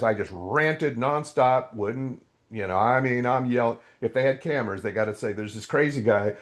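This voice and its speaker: A man's voice: medium pitch, normal speed, hardly any pauses. A middle-aged man, a podcast guest, telling his faith story in a raw, candid way and acting out his own past outbursts. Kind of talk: candid testimony in an interview.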